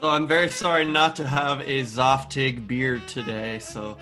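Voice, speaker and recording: A man's voice: mid-range voice, flat delivery, moderate pace, music in the background. A man chatting as a podcast guest, playful and self-deprecating. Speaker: guest saxophonist. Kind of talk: casual chat.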